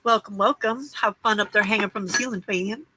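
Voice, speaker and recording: A woman with a mid-range voice speaks briskly over a noisy background while hosting a late-night crafting livestream from her home craft room. She chats casually, greets viewers by name, and teases herself.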